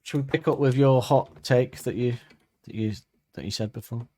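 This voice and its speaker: A man's voice: medium pitch, fairly even intonation, moderate pace, mellow, no echo. A man co-hosting a podcast in casual chat, rambling and hesitant, with many ums and restarts. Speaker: podcast co-host.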